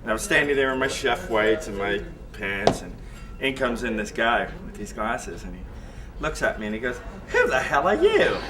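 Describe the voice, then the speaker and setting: A man's voice: on the low side, normal speed, a crowd in the background. A man, a head chef, telling stories in an interview and acting out the voices of others. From Canada. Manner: animated, acts out quoted voices. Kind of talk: interview storytelling. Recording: distant mic with loud ambient noise.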